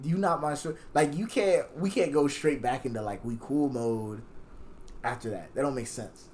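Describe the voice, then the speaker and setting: A young man, a podcast guest, telling a story in casual chat, profane and animated, acting out the lines he quotes. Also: medium pitch, moderate pace, crowd noise. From Jamaican.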